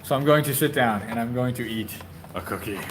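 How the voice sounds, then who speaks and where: A man's voice: mid-range voice, a little fast, noisy background. A man hosting a live stream from inside a bike shop, chatting playfully and laughing often. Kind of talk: casual live-stream chat.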